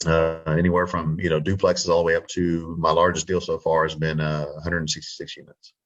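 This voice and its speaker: A man's voice: rumbling low, completely flat delivery, a little fast, fairly bright tone, muffled recording. A Texan man, a real estate wholesaler, chatting confidently in an interview and acting out his phone scripts. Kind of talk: casual interview talk.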